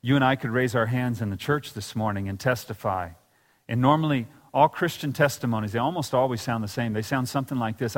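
A man's voice: mid-range voice, fairly quick, long reverb tail. A man preaching a sermon in a church, telling scripture stories and acting out the quoted lines. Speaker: pastor. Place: church sanctuary.

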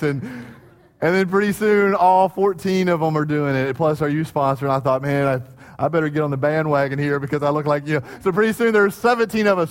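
High-voiced animated male preacher. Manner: animated storytelling, acting out crowd chants. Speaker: pastor. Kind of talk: sermon.

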